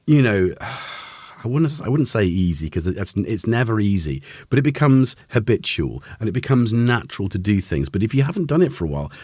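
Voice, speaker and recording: Man, livestream host, low lively voice, dry close sound, rambling, self-deprecating. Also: dry recording. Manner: rambling, self-deprecating, greets chat by name. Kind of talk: casual livestream chat. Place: home studio.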